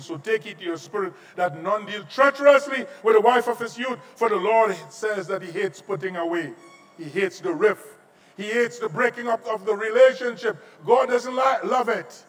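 A middle-aged Trinidadian pastor preaches in a high-pitched voice, dropping to quiet asides and then rising into shouts. He sits at some distance from the mic in a large auditorium. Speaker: visiting pastor. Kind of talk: sermon.

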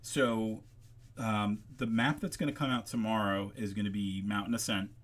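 A man hosting a casual livestream while he works, rambling off on tangents with lots of ums, his voice gravelly at times. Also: fairly low pitch, steady tone, moderate pace, a bit bright. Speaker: livestream host making maps.

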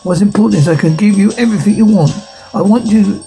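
A man's voice: high-pitched, fast, creaky, dark tone, faint music behind, rough recording. An actor playing the mocking evil double of a male hero, lewd and cruel, taunting in a TV horror-comedy. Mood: pleading.

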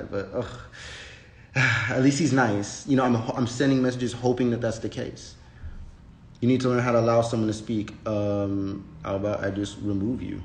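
On a casual, unscripted livestream, a male host rants bluntly and with plenty of profanity, rambling and restarting often. His voice is fairly low and darkish, and the recording has a roomy echo.

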